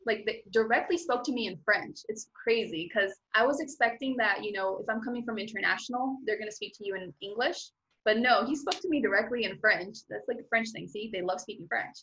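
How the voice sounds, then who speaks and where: Chatty woman with a higher voice. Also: a little fast, low-quality recording. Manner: chatty, filler-heavy with frequent "like"; lively, acts out her own thoughts while telling a story. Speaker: guest. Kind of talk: casual storytelling.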